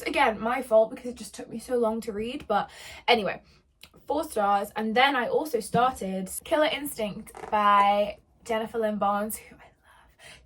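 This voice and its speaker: A young woman in her twenties, chatting casually as a book vlogger, rambling with lots of fillers and sounding a little hoarse. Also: a little high. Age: 20s. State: slightly hoarse, losing her voice. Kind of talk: casual vlog chat.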